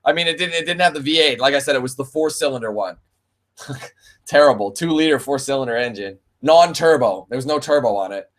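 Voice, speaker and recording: A Canadian man in his twenties streams games and fields viewer questions in a casual, foul-mouthed chat, addressing people as "man" and "bro." His mid-range voice has a lively lilt and a brisk pace, and his manner stays laid-back.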